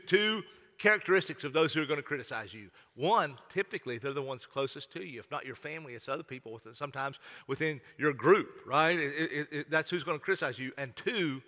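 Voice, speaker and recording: Folksy preacher with a bright voice. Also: male voice, on the high side. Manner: folksy, repetitive, stammering restarts. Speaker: pastor. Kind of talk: sermon. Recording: long hall reverb.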